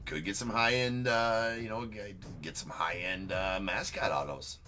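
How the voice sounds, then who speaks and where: A man's voice: fairly low pitch, normal speed, sharp tone, soft background music. A man hosting a live card-breaking stream, joking and teasing a viewer as he gives casual commentary.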